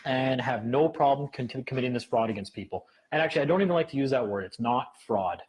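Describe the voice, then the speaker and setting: A man with a husky voice talks to a meeting group in a quick, animated way. He tells stories casually and slips into the voices of the people in them. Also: mid-range voice, poor audio. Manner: fast, animated, acts out quotes. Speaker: speaker at a meeting. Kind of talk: casual storytelling talk.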